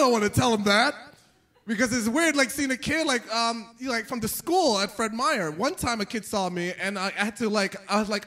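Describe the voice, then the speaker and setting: A young man performing a stand-up comedy set, telling stories with animated delivery and jumping into high squeaky voices for the characters. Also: quick pace. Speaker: stand-up comic.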